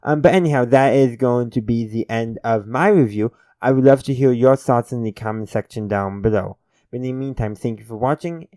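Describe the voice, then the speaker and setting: A man's voice: medium pitch, brisk, dark tone, no room sound. A man hosting his own channel, casually reviewing a TV episode in a rambling, self-correcting way and chuckling now and then. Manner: friendly sign-off to viewers.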